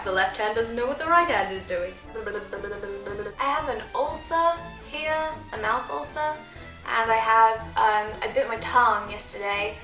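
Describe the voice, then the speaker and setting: A woman gaming vlogger talking casually to her viewers, chatty and quick to poke fun at herself. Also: a little high, bright, forceful tone, roomy sound, faint music behind. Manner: chatty and self-mocking. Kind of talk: casual video commentary.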